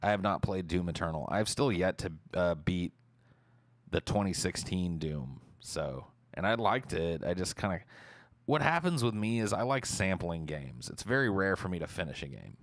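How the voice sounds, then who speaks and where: A man streaming, casually answering viewer questions in a relaxed, rambling way and swearing freely. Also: low-pitched, moderate pace, dry recording.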